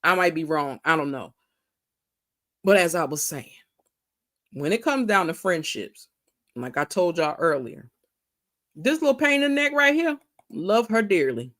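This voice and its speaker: A woman's voice: on the low side, sing-song, unhurried, pauses often, fairly bright tone. A woman hosting a casual livestream chat, greeting viewers by name and stretching her words out. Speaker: livestream host.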